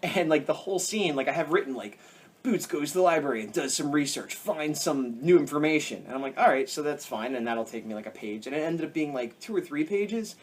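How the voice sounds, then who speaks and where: A man's voice: on the high side, slightly rough. Rambling man chatting over his drawing. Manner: rambling, many fillers and restarts. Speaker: comic artist vlogger. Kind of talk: casual chat over drawing.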